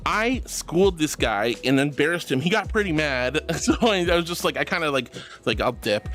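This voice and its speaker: A young VTuber reads viewer messages in a casual live-stream chat, thanking people warmly and calling them "sweetie." Her low-pitched voice is animated and moves at a moderate pace, with faint music behind it.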